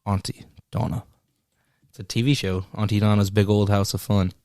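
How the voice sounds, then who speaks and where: A young man with a lowish voice, telling stories in casual podcast chat and slipping into voices for the quotes. The sound is dry and close, with little room to it. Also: normal speed, clean tone, dry recording. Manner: animated storyteller, acts out quotes. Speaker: podcast co-host.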